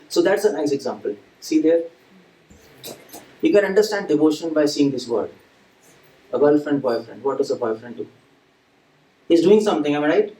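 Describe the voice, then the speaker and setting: Speaking in a somewhat high, darkish voice, a man gives a devotional talk before a live crowd in a reverberant temple hall. He stays conversational, putting questions to the audience and playing out little scenes, while the far-off mic catches faint background noise.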